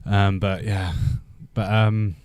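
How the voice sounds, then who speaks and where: Low, mellow-voiced Welsh man chatting. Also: little pitch movement, slow pace, smooth, no echo. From Wales. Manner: rambling, chatty, many fillers and restarts. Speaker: livestream host. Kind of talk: casual live-stream chat.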